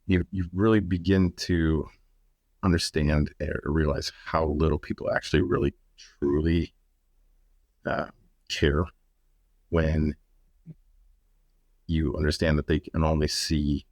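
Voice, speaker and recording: A man in his thirties, a podcast guest, talking bluntly in halting phrases and swearing casually. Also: very deep voice, flat delivery, a little mellow, no echo, studio quality.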